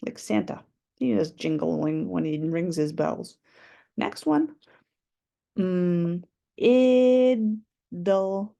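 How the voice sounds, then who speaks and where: A woman's voice: medium pitch, drawn-out words, vocal fry, pauses often, warm tone. A woman teaching a phonics lesson to young children, patiently stretching out letter sounds and syllables.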